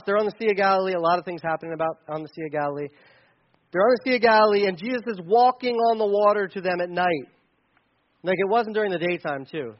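A man with a fairly high voice preaches in a loose, conversational style, slipping into playful asides along the way. The recording sounds a little dull and lo-fi. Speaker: pastor. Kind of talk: sermon.

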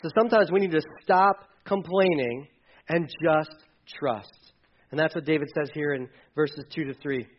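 A man preaching with a high, light voice, talking to the congregation as if in casual conversation. He drops to soft asides, then swells into loud, emphatic passages. The sound is a little dull and lo-fi. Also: moderate pace. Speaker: pastor. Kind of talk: sermon.

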